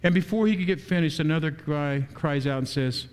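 A man preaching a sermon as pastor, animated, asking the congregation rhetorical questions. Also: a little high, fairly quick, hardly any pauses, smooth.

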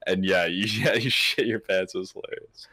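A man hosting a podcast, relaxed and laughing along in casual chat. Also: sits low, moderate pace, no echo, clean studio sound. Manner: laid-back, laughs along. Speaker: podcast host.

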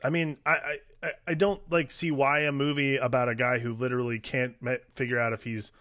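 A man in a relaxed podcast chat about a film, mid-pitched and ordinary. He hedges his ideas with "like" and "I mean" as he works them out. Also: brisk. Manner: hedging, many "like" and "I mean". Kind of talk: casual film discussion.

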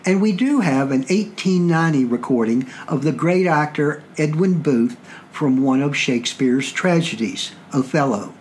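A man's voice: on the high side, lively intonation, moderate pace, darkish tone, slight background noise. Southern-accented man hosting a podcast. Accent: Southern US (Virginia). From Virginia, US. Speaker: podcast host. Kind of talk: explanatory podcast talk.

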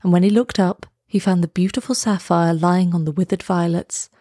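A woman reading a fairy tale aloud, slow, lilting and expressive. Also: fairly low pitch, no room sound, clean studio sound. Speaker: storyteller. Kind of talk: storybook read-aloud.

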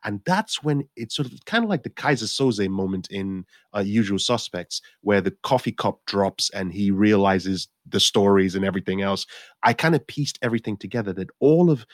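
A man's voice: on the low side, lively intonation, moderate pace, no room sound, clean studio sound. A man in his forties from Nigeria, an actor telling his life story in an interview, rambling with many restarts and acting out his own past thoughts. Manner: rambling with frequent restarts and self-corrections. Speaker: actor guest. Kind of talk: conversational storytelling.

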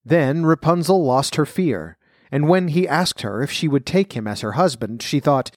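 A man reading a fairy tale aloud in a measured, even way, then talking about where the story came from. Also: on the high side, no room sound, clean studio sound. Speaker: storyteller and folklore commentator.

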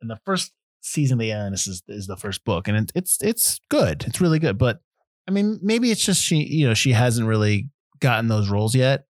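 A man in casual movie chat with a very lively, swooping pitch that shoots up when he rants. The sound is close and dry, with no room around it. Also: brisk, no room sound. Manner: animated, jumps to high-pitched disbelief when ranting. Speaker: movie podcast co-host.

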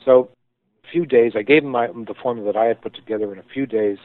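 A man being interviewed, telling a story with thoughtful pauses and frequent restarts as he explains things. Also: medium pitch, no room sound. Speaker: guest, company founder. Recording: tinny phone-like line, dry.

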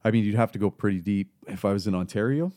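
Man, deep dark voice, dry sound. Laid-back co-host. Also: fast, dry recording. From Canada. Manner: laid-back, explains things for listeners. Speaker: podcast co-host. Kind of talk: casual chat.

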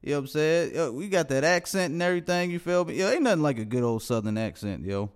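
A man's voice: a little high, lively intonation, fast talker, smooth. A man hosting a podcast, casual banter in loose slang, laughing often. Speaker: podcast host.

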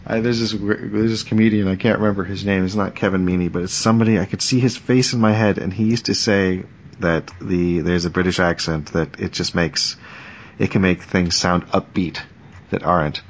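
A man's voice: low-pitched, fairly even intonation, normal speed, a little hiss or hum. A man in his forties, chatting casually as a podcast host, rambling and jokey, often trailing off. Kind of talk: casual chat.

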